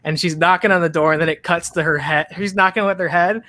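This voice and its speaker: Woman w a lowish voice, casual chat, trips over her words a bit. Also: steady tone, fast talker, fairly bright tone.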